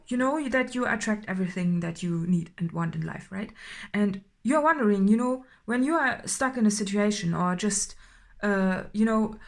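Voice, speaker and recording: A woman doing an unscripted intuitive tarot reading, halting and filler-heavy, often checking in with "right?" and growing more emphatic as she goes. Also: mid-range voice. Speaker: tarot reader.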